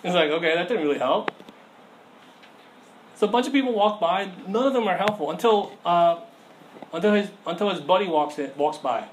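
A man's voice: high voice, lively intonation, normal speed, pauses often, poor audio. A young man giving a casual sermon as a youth pastor, telling a story and acting out the voices in it. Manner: conversational storytelling, acts out voices in anecdotes. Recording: faint background noise.

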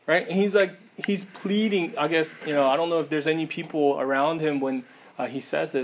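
A man's voice: a little high, fairly even intonation, brisk, noisy background. A man preaching a casual sermon in a conversational way, with many fillers and frequent tag questions.

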